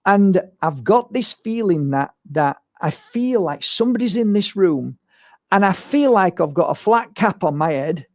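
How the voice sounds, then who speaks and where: Blunt man, higher voice. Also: animated, measured pace, darkish tone, no room sound, clean studio sound. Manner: blunt, emphatic, rambling with repeats. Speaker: spiritual medium and crystal seller. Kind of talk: monologue to camera.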